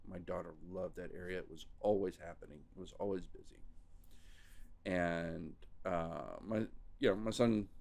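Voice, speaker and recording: A man's voice: low voice, fairly even intonation, moderate pace, gravelly, a little mellow. A man hosting a podcast, chatting casually and rambling about books, often restarting his sentences. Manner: rambling, restarting, self-interrupting. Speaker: podcast host.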